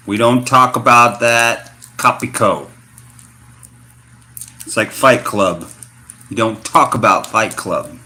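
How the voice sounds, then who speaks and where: Middle-aged American man, slangy storyteller on a vlog, bright forceful voice. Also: fairly low pitch. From United States. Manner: slangy, animated storytelling with fillers. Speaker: vlogger. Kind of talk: casual rambling vlog talk.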